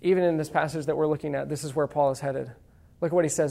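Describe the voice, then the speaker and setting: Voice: medium pitch, fairly even intonation, normal speed, vocal fry, a little mellow. A preacher giving a sermon in a conversational way, asking the congregation rhetorical questions, reading quotations aloud with emphasis and dropping playful asides.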